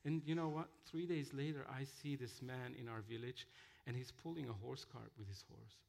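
Gravelly man telling mission stories. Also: mid-range voice, fairly even intonation, darkish tone. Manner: halting, with many fillers and restarts. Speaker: missionary speaker. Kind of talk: sermon-style storytelling.

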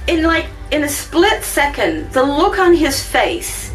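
A woman giving a personal church testimony, telling her story with animated ups and downs. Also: slow pace, few pauses, recorded from a distance, poor audio. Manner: animated storytelling, voice rising high when excited.

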